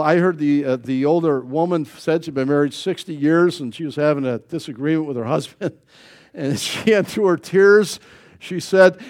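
A man's voice: fairly high pitch, darkish tone. A man preaching a sermon to a congregation, folksy and conversational, with joking asides and rhetorical questions. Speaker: pastor.

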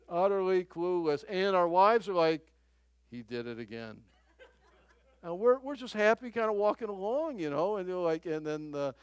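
A man preaching a conversational sermon as a pastor, halting and repeating his phrases, often chuckling as he talks. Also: high-pitched, dry recording.

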